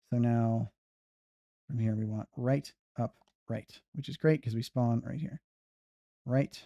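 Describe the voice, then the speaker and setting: A man's voice: mid-range voice, vocal fry, mellow, no echo, studio quality. A man streaming a video game, muttering plans and humming to himself as he plays. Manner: muttering, humming to himself while planning moves. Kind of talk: casual gameplay commentary.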